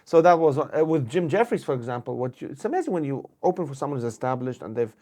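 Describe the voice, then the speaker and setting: A man's voice: mid-range voice, fast talker. A man from Lebanon, a comedian guest telling stories on a casual podcast and acting out the people he quotes. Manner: animated storyteller, acts out quotes.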